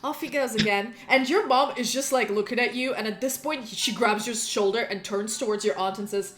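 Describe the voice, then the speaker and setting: A woman running a tabletop game, describing scenes in a relaxed storytelling way. Her voice sits a little high. Soft music plays beneath her. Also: brisk, few pauses. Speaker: game master.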